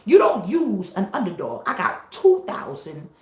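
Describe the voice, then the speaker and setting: A woman pastor preaching a live-streamed sermon, emphatic and repetitive, sometimes breaking into shouts. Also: medium pitch, wildly swooping pitch, measured pace, roomy sound.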